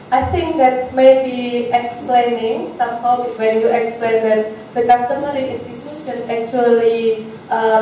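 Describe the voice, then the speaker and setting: A woman asks questions at a seminar, speaking slowly and politely with frequent fillers. Her pitch sits a little high but barely moves, and her tone is soft and mellow. The sound is echoey and distant, as if from across a seminar room. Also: a little hiss or hum. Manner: hesitant, filler-heavy, even and polite. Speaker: audience questioner from a research institute.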